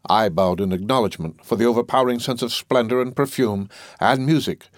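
A man narrating a classic story in a measured audiobook reading. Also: mid-range voice, dry recording, studio quality.

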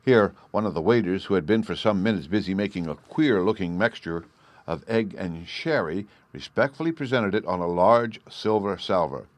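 A man reading a classic novel aloud as narrator, in a measured storytelling manner. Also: low voice, animated, no room sound.

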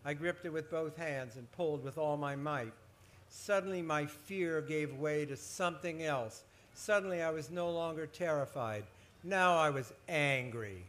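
Expressive man reading a scary story. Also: on the high side, unhurried. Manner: expressive, building suspense. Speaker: children's author. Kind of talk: dramatic reading aloud of his own horror story. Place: book festival stage.

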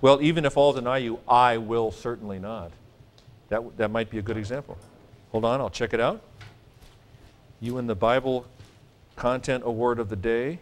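A man teaching a Greek grammar class, lecturing in a lively, joking way and stressing his points. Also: mid-range voice, normal speed, long pauses. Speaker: Greek professor.

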